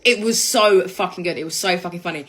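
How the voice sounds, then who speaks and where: A young woman telling a story to camera in casual, sweary talk, often breaking into loud laughter. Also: lowish voice, quick pace, poor audio. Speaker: vlogger.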